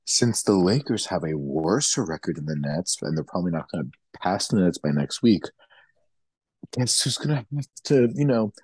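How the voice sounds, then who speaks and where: A man's voice: sits low, big pitch swings, normal speed, darkish tone, breathy edge, dry recording. A young man co-hosting a casual sports podcast, teasing and swearing, repeating names to grab attention. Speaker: podcast co-host.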